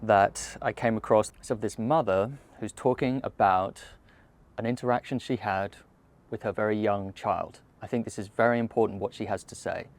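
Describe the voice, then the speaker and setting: A man hosting a reaction commentary show and speaking in an earnest, measured, emphatic way. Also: on the low side, fairly even intonation. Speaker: host.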